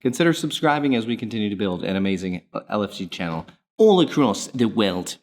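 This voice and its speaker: A man's voice: big pitch swings, quick pace, darkish tone. A man hosting a football fan channel from his home kitchen, talking casually and playfully to camera in a put-on English accent. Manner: playful, theatrical, jumps in pitch.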